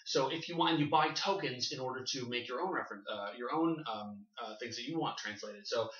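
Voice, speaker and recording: A man's voice: medium pitch, fairly quick, fairly bright tone. Canadian male co-host, casual, rambling and eager, heard from a distance in an echoey room with dull lo-fi sound. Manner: rambling, enthusiastic, many fillers and restarts. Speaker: podcast co-host. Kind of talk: casual panel chat. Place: shared room.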